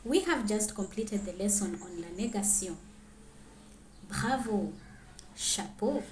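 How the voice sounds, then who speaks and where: A woman teaching a grammar lesson, clearly reading out French example sentences and then translating them. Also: medium pitch, lively intonation, slow pace, reverberant, a little hiss or hum.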